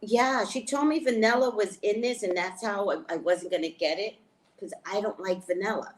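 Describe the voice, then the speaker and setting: A woman chatting casually to her viewers, excitedly showing off things she bought and talking about them. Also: medium pitch, moderate pace. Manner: chatty, excitable, shows items to camera. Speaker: spiritual reader and vlogger. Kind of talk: casual live chat to viewers.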